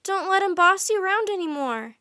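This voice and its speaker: A woman's voice: very high voice, lively intonation, fairly quick, bright, forceful tone, dry recording, studio quality, voice pushed up, full character voice. A woman voicing a bold young girl in a storybook reading, eager and pleading. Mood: urgent.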